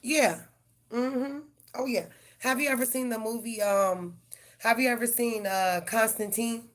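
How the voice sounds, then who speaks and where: A woman's voice: a little high, steady tone, measured pace. A woman hosting a live tarot stream, chatting casually with viewers in a loose, profane, slang-filled way. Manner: addresses viewers directly.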